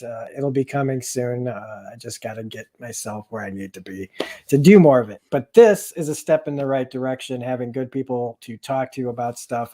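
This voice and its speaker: A man hosts a livestream chat in a loose, rambling way. He pokes fun at himself as he goes, and his voice sits at an ordinary middle pitch. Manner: relaxed, rambling and self-deprecating. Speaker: livestream host. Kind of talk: casual chat.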